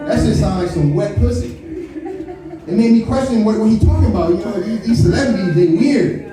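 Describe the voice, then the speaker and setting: Slangy stand-up comedian in an echoey club. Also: male voice, high-pitched, expressive, brisk, over music. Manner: loose, swearing, slangy storytelling with mock impressions. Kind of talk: live stand-up set. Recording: echoey venue picked up from a distance.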